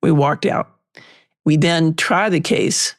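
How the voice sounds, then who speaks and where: An older woman, a litigation lawyer and interview guest, telling lively anecdotes and acting out past exchanges. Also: low-pitched, slow pace. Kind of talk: storytelling in an interview.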